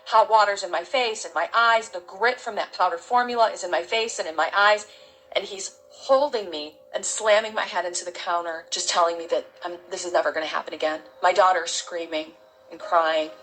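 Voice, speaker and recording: A middle-aged woman, an interview guest, gives a halting, heartfelt personal testimony full of restarts. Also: fairly low pitch, steady tone, fairly bright tone, a little hiss or hum, low-quality recording.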